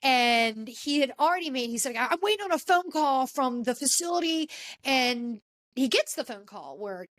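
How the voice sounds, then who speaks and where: A woman's voice: high voice, lively intonation, moderate pace, a bit bright. A woman hosting a podcast, giving an emphatic, indignant recap in casual chat and calling people out directly. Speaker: podcast host.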